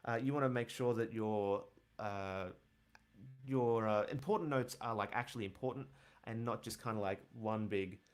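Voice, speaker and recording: A man teaching bass in a casual livestream, rambling with lots of fillers as he answers questions. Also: moderate pace. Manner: relaxed, rambling, many fillers, counts and scats rhythms aloud. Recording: bass guitar playing behind.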